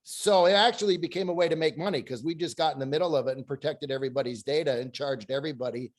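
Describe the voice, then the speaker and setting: Male panelist, a storyteller who voices the people he quotes, slightly high-pitched. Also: quick pace. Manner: storytelling, acts out quoted dialogue. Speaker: panel guest. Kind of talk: anecdotal panel discussion.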